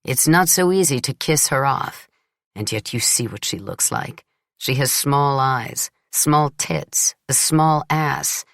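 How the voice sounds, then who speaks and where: A woman's voice: extremely low pitch, slow pace, a bit bright, no room sound, studio quality, exaggerated voice. A woman voicing an arrogant, crude male businessman who boasts and threatens in an audiobook. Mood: contemptuous. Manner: boastful, contemptuous, menacing. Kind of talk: audiobook character voice.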